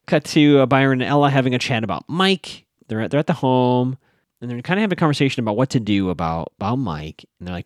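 A man casually recapping a TV episode, chatting to his audience with fillers and quick asides. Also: medium pitch, lively intonation, a little mellow, dry recording, studio quality. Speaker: show recap host.

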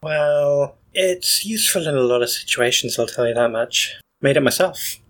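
A man voicing a calm, blunt adventurer with dry, curt replies. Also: fairly high pitch, moderate pace.

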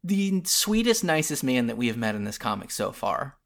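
A man's voice: medium pitch, very animated, normal speed. A man co-hosting a casual podcast, earnestly retelling comic scenes with many restarts and fillers. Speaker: podcast co-host.

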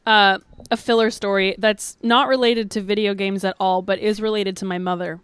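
Clear young woman telling a story. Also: mid-range voice, normal speed, no room sound, clean studio sound. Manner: animated storytelling, giggly. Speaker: podcast co-host. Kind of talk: casual chat.

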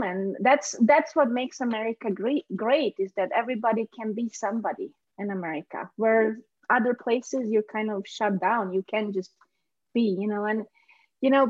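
Romanian woman, immigrant podcast guest; conversational, chatty, somewhat high pitch, muffled recording. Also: a little mellow. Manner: chatty, laughs easily, restarts sentences. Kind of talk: casual conversation.

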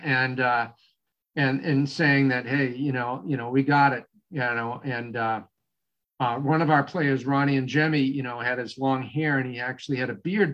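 An older man with a Boston accent tells a story in a relaxed interview, circling back with plenty of fillers and restarts. His voice sits in a middle register, and the audio sounds somewhat dull and muffled. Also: mid-range voice. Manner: rambling, with many fillers and restarts. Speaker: guest, lacrosse coach.

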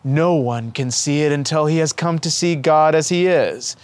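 A man voicing a gentle, affectionate young boy saint who speaks earnestly and kindly to an old friend. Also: fairly high pitch, normal speed, no room sound, natural voice.

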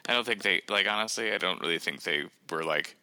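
Deep-voiced man, bright and rambling. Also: fast, smooth, no room sound. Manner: rambling, self-deprecating humor. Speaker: guest author. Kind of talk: casual podcast conversation.

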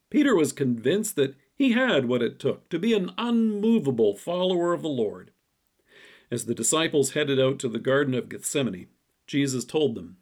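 A man delivering a scripted devotional message and reading scripture in a measured, deliberate way. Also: on the high side. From city-raised. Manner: measured, reads scripture quotes slowly. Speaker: devotion speaker.

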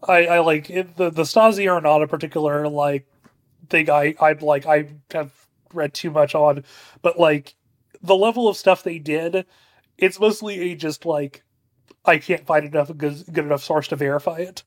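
A man co-hosting a podcast, chatting casually in a halting way with many fillers and restarts. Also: a little high, fairly even intonation. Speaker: podcast co-host. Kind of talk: casual chat.

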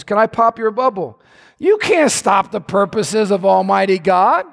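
A man preaching a sermon in an animated way, his voice climbing to near-shouts. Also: high-pitched, moderate pace, vocal fry. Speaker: pastor.

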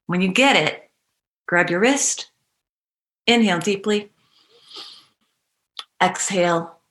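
A woman coaching a guided EFT tapping meditation, giving slow, soothing, repetitive cues. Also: medium pitch, fairly bright tone. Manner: playful bursts of animal noises and laughter.

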